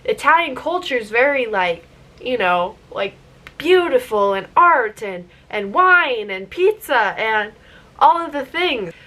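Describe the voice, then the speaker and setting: Woman, higher voice, chatty, playful, makeup vlog talk, rambling tangents. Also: very animated, a little slow, a bit bright. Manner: rhetorical "guess what" questions. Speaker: beauty vlogger. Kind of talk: casual chat while doing makeup.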